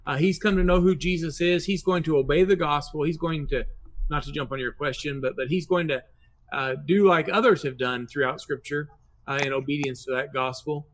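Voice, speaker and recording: A man on a Bible study panel explaining a passage in a measured way, with frequent hesitations. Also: fairly high pitch, fairly bright tone, slight background noise. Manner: measured, many uh fillers.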